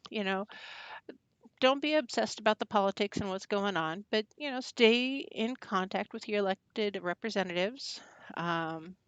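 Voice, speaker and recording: A woman who practices witchcraft, talking casually on a livestream and answering chat. She talks haltingly, with many fillers and restarts, and makes wry, blunt remarks. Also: mid-range voice, fairly bright tone, clean tone, no echo. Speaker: pagan witch hosting a channel. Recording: dull lo-fi dry sound.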